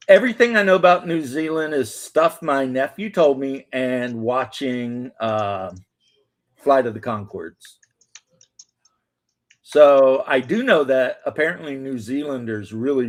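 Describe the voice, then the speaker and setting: Male host, casual rambling jokester, middle pitch. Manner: rambling, joking. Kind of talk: casual chat while painting.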